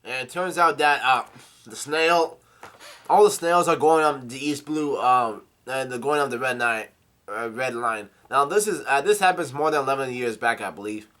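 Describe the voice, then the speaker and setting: Bright-voiced man casually reading a comic. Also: medium pitch. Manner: halting, lots of fillers and restarts, coughs. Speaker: comic reader. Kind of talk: casual comic read-through with commentary.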